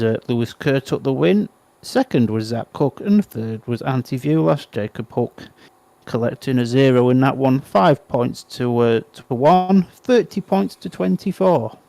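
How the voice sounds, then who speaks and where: A man, a young adult co-host, doing excitable speedway play-by-play with wry asides on a close mic. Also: mid-range voice, gravelly, no echo. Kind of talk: speedway watch-along commentary.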